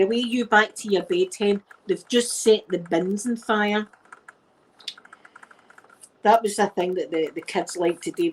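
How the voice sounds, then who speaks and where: A middle-aged woman with a Glaswegian Scottish accent, telling stories in a relaxed ASMR chat and dropping Scots words as she goes. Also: fairly low pitch, husky, low-quality recording. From Scotland. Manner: chatty anecdotal storyteller using Scots words. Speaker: ASMR creator.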